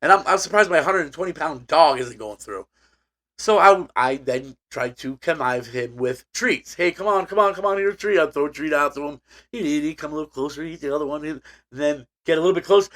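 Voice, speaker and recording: A man's voice: fairly high pitch, a little fast, fairly bright tone. A man co-hosting a casual podcast, telling a long rambling story with many restarts and fillers. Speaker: podcast co-host. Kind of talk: casual chat.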